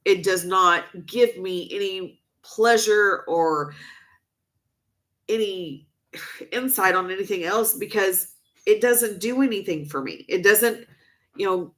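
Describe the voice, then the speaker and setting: A woman's voice: medium pitch, fairly bright tone. A woman vlogging to camera, upset and venting emotionally, stressing her points by repeating herself.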